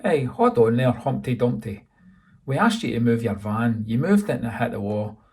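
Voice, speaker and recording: A towering bouncer, read by a man mocks and threatens without ever losing his calm. His voice is gravelly and dark, and a touch louder than the narration. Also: medium pitch, moderate pace, distant mic, lightly acted. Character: imposing male bouncer, calm and menacing.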